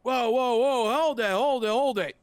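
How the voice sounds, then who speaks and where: Guy doing a loud bossy bronx construction guard, voice pitched up high, dry sound. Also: normal speed, smooth, dry recording. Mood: alarmed. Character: brusque male construction site guard.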